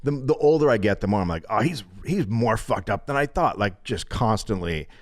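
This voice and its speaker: Middle-aged man from California, profane comic storyteller, lively swooping pitch. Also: brisk. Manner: profane, animated, laughs through punchlines. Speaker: podcast guest. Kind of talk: comedic storytelling.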